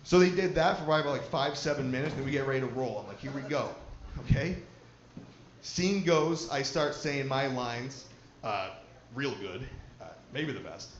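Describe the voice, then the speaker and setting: A man's voice: medium pitch, normal speed, reverberant, highs cut off, a little hiss or hum. A man doing a stand-up comedy set, telling a profane story and bantering with the crowd. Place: live comedy venue.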